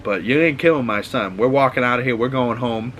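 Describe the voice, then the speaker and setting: A man's voice: medium pitch, brisk, a bit bright, slight background noise, lightly acted, low-quality recording. A man quoting a blunt gangster mother. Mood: threatening. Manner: blunt, threatening street talk. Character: tough gangster mother, cold and commanding.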